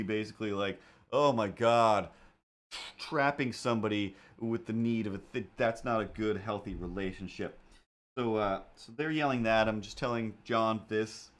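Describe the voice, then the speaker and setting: A man hosting a live stream, telling a rambling, animated anecdote in a casual tone. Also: lowish voice, normal speed. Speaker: host.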